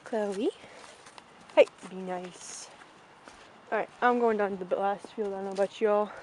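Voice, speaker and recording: Slow-talking young woman touring a farm. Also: medium pitch, steady tone, a little mellow, slight background noise, poor audio. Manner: chatty, calls out to ponies. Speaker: vlogger. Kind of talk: casual farm tour vlog. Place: outdoors on a farm.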